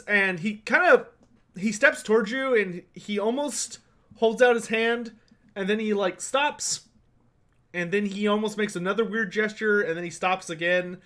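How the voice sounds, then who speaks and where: A man's voice: sits high, sharp tone. A man running a tabletop role-playing game as game master, narrating casually with plenty of fillers.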